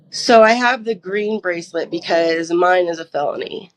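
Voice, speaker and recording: A woman's voice: on the low side, steady tone, measured pace, a little hiss or hum. A young woman from the United States sharing a personal testimony as an interview guest, acting out her own past dialogue as she tells it. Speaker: podcast guest.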